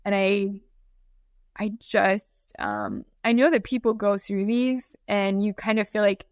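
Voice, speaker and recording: Woman co-host, mid pitch, dry close sound, candid and choked up. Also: lively intonation, no echo. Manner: emotional, halting, candid. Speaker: podcast co-host. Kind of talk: casual chat.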